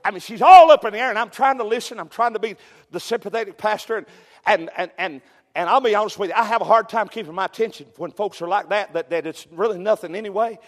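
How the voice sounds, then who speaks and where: Pastor, high tenor, folksy sermon in a reverberant sanctuary. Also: male voice, fast talker. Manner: folksy storytelling, peppered with amen, rising to shouts. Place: church sanctuary.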